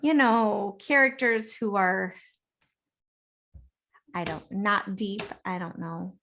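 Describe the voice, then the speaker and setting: A woman's voice: medium pitch, steady tone, takes it slowly, pushed and bright, a little hiss or hum. A woman co-hosting a casual, tipsy movie review podcast, joking wryly, laughing and swearing. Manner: wry, laughing, profane. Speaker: podcast co-host.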